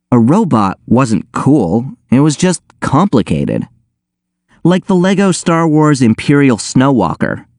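A man reads a first-person audiobook with a wry, deadpan edge. His pitch moves in a lively way over a mid register. The sound is close and dry. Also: no room sound. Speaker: audiobook narrator.

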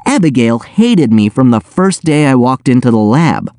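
A man's voice: medium pitch, very animated, normal speed, darkish tone, no room sound, clean studio sound. A man reading aloud, voicing an exasperated teenage schoolboy with an incredulous, scolding tone.

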